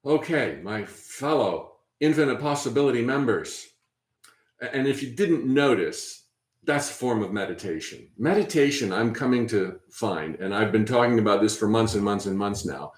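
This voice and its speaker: A man hosting a spiritual workshop, talking in a gentle, encouraging way with frequent fillers and restarts. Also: fairly low pitch, expressive, moderate pace, echoey room. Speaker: workshop host. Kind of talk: guided spiritual workshop talk.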